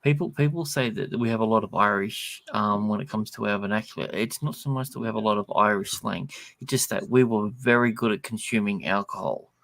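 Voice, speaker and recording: A man's voice: fairly low pitch, fairly quick, gravelly, hardly any pauses, fairly bright tone, no room sound. A man with an Australian accent, joking dryly in casual chat on a live stream.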